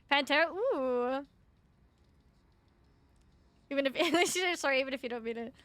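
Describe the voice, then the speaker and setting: A young woman streaming a game, chatting casually and excitedly with her viewers, laughing and swearing freely. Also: high-pitched, a little slow, no echo. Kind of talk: casual live-stream chat.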